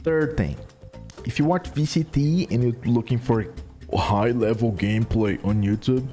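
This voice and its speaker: A man's voice: medium pitch, unhurried, mellow, faint music behind. A man commentating his own gameplay with brash, crude trash talk and exasperated rants. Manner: exasperated, ranting.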